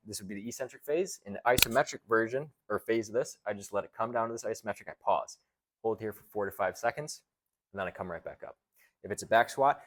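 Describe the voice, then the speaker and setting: A man, a chiropractor and trainer, explaining strength exercises as he demonstrates them and counts through the holds. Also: fairly low pitch.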